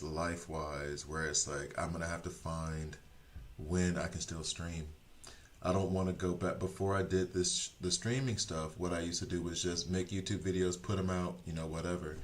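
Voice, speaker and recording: Rambling deep-voiced man streamer. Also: slight background noise. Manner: rambling, self-deprecating, frequent fillers and restarts. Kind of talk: casual chat with stream viewers.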